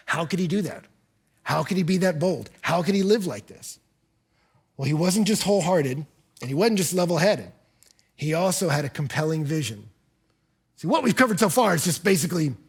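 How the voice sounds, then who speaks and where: A man's voice: fairly high pitch, creaky, slightly rough. A middle-aged man, a pastor, preaching a sermon and acting out the people in his stories. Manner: animated storyteller, acts out dialogue in quotes.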